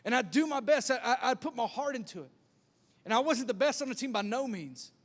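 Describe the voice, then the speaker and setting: A man's voice: very high voice, animated, a little fast, fairly bright tone, in a large hall. A man preaching a sermon as pastor, telling self-deprecating stories with lots of stammered restarts. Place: church sanctuary.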